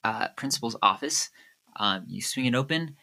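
Bright-voiced man running a mystery game. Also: medium pitch, expressive, normal speed, creaky. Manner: casual, hesitant with fillers. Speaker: game master. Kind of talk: narrating a murder mystery game.

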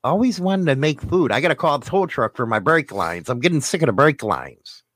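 A man's voice: a little high, lively intonation, a little fast, a bit bright, no echo, clean studio sound. A man co-hosting a casual podcast, rambling and making crude jokes. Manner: joking, rambling, bawdy. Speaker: podcast co-host.

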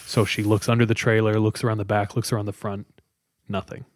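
Clean, dry studio sound carries a man's fairly low, flat voice as he talks a little fast. He's telling friends a scary story in a loose, chatty way, leaning on lots of fillers.

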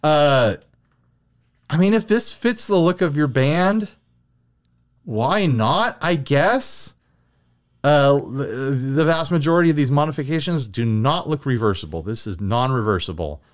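Podcast co-host, male, animated and joking, voice swings high and low. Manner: animated, joking, quick asides. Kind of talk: casual chat.

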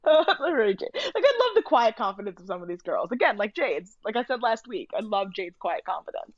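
Animated, opinionated woman chatting. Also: medium pitch, fairly quick, dry recording, muffled recording. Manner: animated, opinionated, lots of fillers. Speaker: podcast co-host. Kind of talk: casual chat recapping a TV show.

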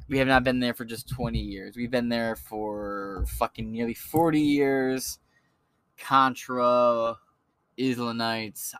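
A man's voice: mid-range voice, a bit bright, dry recording. A man hosting a podcast, ranting in a blunt, crude and mocking way. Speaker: podcast host. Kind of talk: profane political rant.

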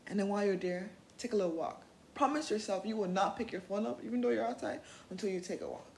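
A young woman hosting a self-help podcast, talking in an earnest, animated way, laughing often and swearing casually. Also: mid-range voice, fast talker, gravelly, echoey room, a little hiss or hum, rough recording. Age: young adult. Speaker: podcast host.

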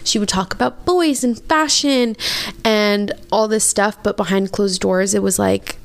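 A woman's voice: medium pitch, a little slow. A young woman in her twenties hosting a podcast, telling a personal story candidly and emotionally with many "like" fillers. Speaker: podcast host.

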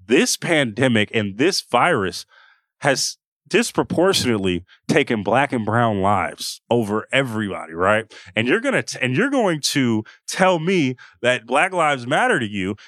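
A young man co-hosting a sports podcast, talking fast and heated, often restarting his sentences. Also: medium pitch, fairly bright tone, no room sound. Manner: impassioned, ranting with many restarts. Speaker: podcast co-host. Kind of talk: casual sports chat.

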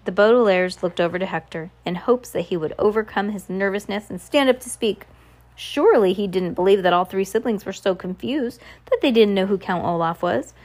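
A woman's voice: mid-range voice, a little fast, darkish tone. A woman reading a novel aloud, who sometimes stumbles and corrects herself. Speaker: audiobook reader.

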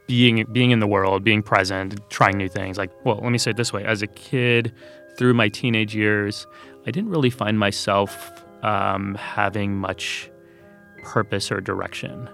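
A man's voice: on the low side, fairly even intonation, measured pace, creaky, fairly bright tone, soft background music. A man from Texas, a guest telling personal stories in an earnest, thoughtful way, with many fillers. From Texas, USA. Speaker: interview guest. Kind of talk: reflective personal storytelling.

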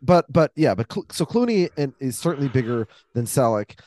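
A man's voice: medium pitch, very animated, fairly quick, darkish tone, a little hiss or hum. Rambling man hosting a chat. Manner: rambling, thinking aloud. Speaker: podcast host. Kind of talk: casual chat.

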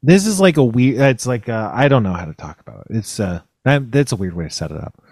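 A man's voice: mid-range voice, animated, fast talker, darkish tone, dry recording. Rambling man on a dry video call. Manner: rambling, full of hesitations and filler words. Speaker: podcast co-host. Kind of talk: casual conversational chat.

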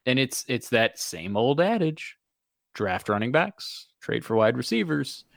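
Male podcast co-host, mid pitch, enthusiastic and emphatic, dry studio mic. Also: big pitch swings, measured pace, gravelly, dry recording. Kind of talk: casual fantasy football podcast chat. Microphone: close studio mic at a desk.

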